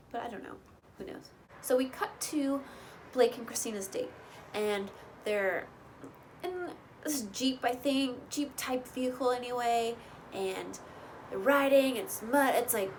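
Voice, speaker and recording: A chatty young woman rambling through a gossipy recap with opinionated asides. Her voice sits a little high, and a faint hiss runs underneath. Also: rough recording. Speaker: recap vlogger. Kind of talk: casual gossipy show recap.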